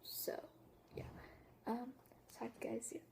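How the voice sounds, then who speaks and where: A woman's voice: measured pace, warm tone, whispered. A teenage girl chatting through a casual storytime vlog, rambling with lots of "like" and restarts. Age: teens. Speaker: vlogger.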